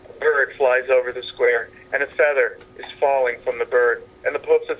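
A man who is a playwright and actor, speaking as a guest in a phoned-in interview from a house, halting and meandering, with restarts. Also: mid-range voice, steady tone. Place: at his father's house. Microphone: telephone. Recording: tinny phone line.

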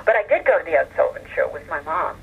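A woman's voice: low-pitched, expressive, racing, creaky. Older lady calling in, chatty storyteller, tinny phone sound, faint hiss. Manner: chatty storyteller, warm laughs, many fillers. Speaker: guest. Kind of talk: phone interview.

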